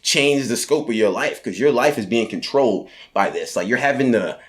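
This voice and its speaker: A man being interviewed, telling personal stories in an energetic, heartfelt way, with a mild stutter and plenty of "like" and "essentially". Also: medium pitch, moderate pace. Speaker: guest entrepreneur. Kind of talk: casual conversational interview.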